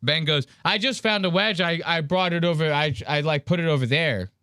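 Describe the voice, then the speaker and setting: A man hosting a podcast, telling a story in casual banter with crude, animated mocking impressions. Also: a little high, a little fast, clear, resonant tone, no room sound, clean studio sound. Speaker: podcast host.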